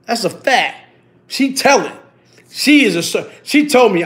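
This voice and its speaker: A middle-aged man, telling stories in a casual, animated way, full of street slang and repeating himself. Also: extremely high pitch, measured pace. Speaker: interviewee. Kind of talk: casual storytelling.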